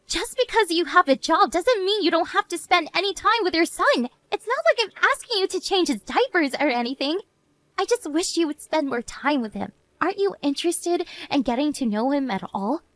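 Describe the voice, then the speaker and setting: Brief: female voice as a weary young mother, earnest and pleading, high-pitched. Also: moderate pace, dry recording. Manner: earnest, pleading, then flat and resigned. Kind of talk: animated story narration.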